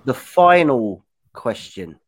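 A man's voice: mid-range voice, very animated, slow pace. A man co-hosting a podcast in casual chat, rambling into stories and restarting sentences. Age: young adult or older. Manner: chatty, rambling storyteller who trails off and restarts. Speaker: podcast co-host.

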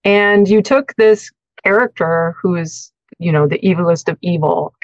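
A woman's voice: lowish voice, moderate pace, no room sound. Enthusiastic woman host, dull dry mic. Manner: enthusiastic, gushing. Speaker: podcast co-host. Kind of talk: casual interview chat.

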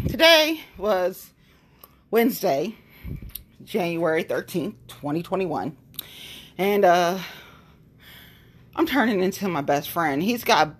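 A woman hosting a casual home podcast, with a husky voice. Her pitch swings widely as she talks. She is blunt and loosely rambling. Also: a bit bright. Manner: blunt and heavily profane. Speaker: podcast host. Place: at home, standing on a balance board.

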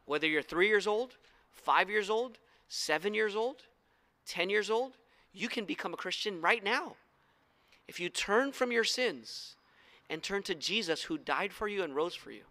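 A man's voice: high voice, pushed and bright. A man preaching a sermon in a church as pastor, making earnest, direct appeals to his listeners. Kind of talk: sermon with storytelling.

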